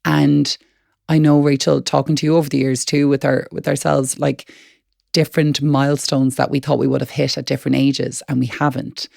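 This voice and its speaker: A woman's voice: extremely low pitch, little pitch movement, moderate pace, creaky, darkish tone, dry recording, studio quality. A woman co-hosting a wellness podcast, talking in an earnest, encouraging way and repeating words as she thinks. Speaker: podcast co-host. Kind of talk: reflective wellness chat.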